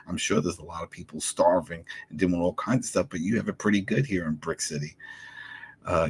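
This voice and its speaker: A man's voice: low-pitched, slightly rough. A man co-hosting a casual podcast discussion, animatedly recapping scenes and acting out the characters' lines. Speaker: podcast co-host.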